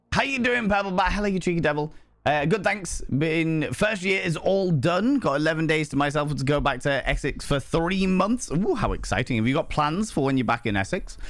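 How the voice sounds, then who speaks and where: A man streaming a game live, ill with a cold, chatting to viewers in a playful, sing-song, flamboyant way. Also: on the high side. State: sick with a cold.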